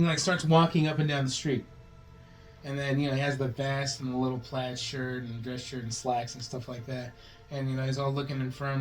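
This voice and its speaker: A man co-hosting a podcast, pitching a movie plot in a rambling, swearing way and acting out the characters' lines in quick changing voices. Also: poor audio. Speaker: podcast co-host.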